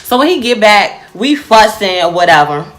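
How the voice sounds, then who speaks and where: A young woman telling a personal story to her viewers in a casual, animated way, often calling them y'all. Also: medium pitch, moderate pace, soft background music.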